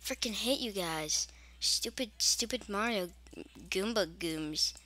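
A woman's voice: mid-range voice, lively intonation, slow, pushed and bright. A young woman casually commenting on a game as she plays it, chatty and grumbling, with mock-scared asides. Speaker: gaming channel host.

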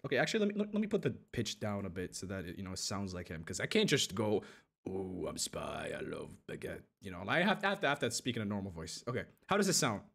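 A man's voice: lowish voice, big pitch swings, very fast, few pauses, a bit bright. A man streaming a video game, rambling and joking to himself and his chat as he plays. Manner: rambling, joking self-talk while playing. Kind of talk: gaming livestream.

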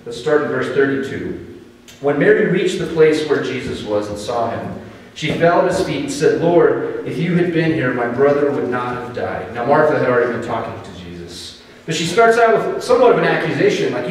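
An American man preaching a sermon as pastor, telling the story in a conversational, animated way with dramatic pauses. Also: fairly high pitch. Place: church sanctuary. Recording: echoey hall, distant mic.

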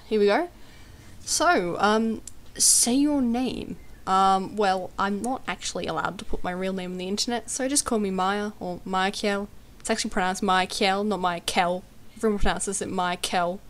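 A woman's voice: mid-range voice, moderate pace. Australian teen girl, casual home vlog, giggly, hesitant, lots of ums. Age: teenager.

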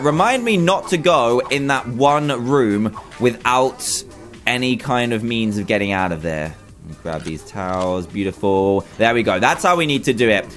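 A young man commentating a game, chatty and jokey, often shouting in mock panic. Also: medium pitch. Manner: animated, yelps and squeals in panic, chatty asides. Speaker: gaming YouTuber. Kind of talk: excited gameplay commentary.

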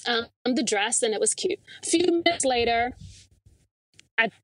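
A woman from the American South, a podcast interview guest, telling a personal story with lively acted-out dialogue. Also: a little high, normal speed, dry recording, rough recording. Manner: animated storyteller, acts out quoted dialogue.

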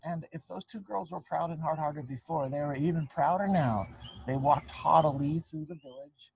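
Male storyteller with a slightly high voice and faint outdoor sounds behind him. He reads a picture book to children in a chatty, easy way and pauses to explain words. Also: vocal fry, a little mellow, slight background noise, poor audio. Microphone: handheld mic, briefly dropped on the ground.

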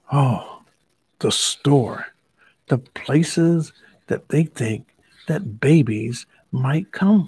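A man reading a children's story aloud, unhurried and pausing to recap for listeners. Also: medium pitch, a little mellow, husky, dry recording.

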